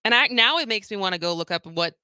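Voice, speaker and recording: A woman's voice: mid-range voice, expressive, fast, bright, forceful tone, clean tone, no room sound, clean studio sound. A woman hosting a radio talk show, speaking to listeners directly with energy.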